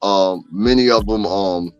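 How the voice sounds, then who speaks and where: A man's voice: fairly low pitch, a little slow, clear, resonant tone. A man hosting a casual gossip livestream, joking, swearing and talking straight to his chat. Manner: profane, joking, talks to chat. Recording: slightly dull, faint music behind.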